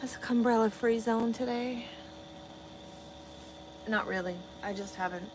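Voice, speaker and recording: Slow, rambling, foul-mouthed woman. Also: on the high side, background noise. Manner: profane, rambling, self-amused, many fillers. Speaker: vlogger chatting with live viewers. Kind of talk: casual live-stream chat.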